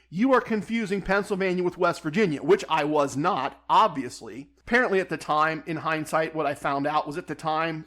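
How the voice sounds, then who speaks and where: A man's voice: high-pitched, fairly bright tone. A man hosting a podcast, telling a first-person story in a wry, conversational way. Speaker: podcast host.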